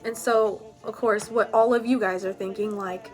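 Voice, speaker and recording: Young woman, storytime vlog, rambling and casual, slightly high voice, faint music underneath. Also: fairly even intonation, normal speed, a little mellow. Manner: rambling, full of "like" and "you know".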